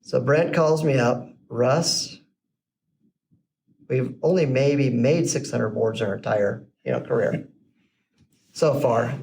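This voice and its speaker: A man's voice: mid-range voice, slow, gravelly, pauses often. A middle-aged man, a podcast guest, telling his business story in a casual way and acting out the voices of the people in it. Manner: animated storyteller who acts out quoted dialogue. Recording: slightly distant mic with faint background noise.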